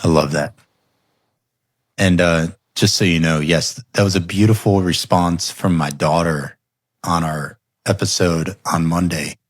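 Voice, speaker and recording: This podcast host has a deep voice and a measured pace, and the recording is dry. He's an animated storyteller who laughs a lot, sharing family stories in a relaxed, conversational way that builds in energy.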